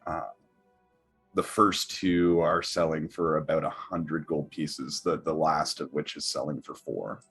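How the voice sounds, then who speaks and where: A man with a very low, husky voice runs a tabletop game as its game master. He talks hesitantly, with many fillers and restarts, and soft music plays behind him. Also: fairly even intonation, a little slow.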